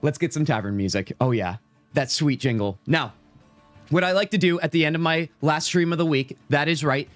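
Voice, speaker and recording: A man with an American accent hosting a casual gaming livestream, animated and chatty with his viewers, a bit out of breath. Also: a little high, dry recording. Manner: animated, talks fast and chatty to viewers, says "dude" often. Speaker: livestream host. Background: faint game and tavern music.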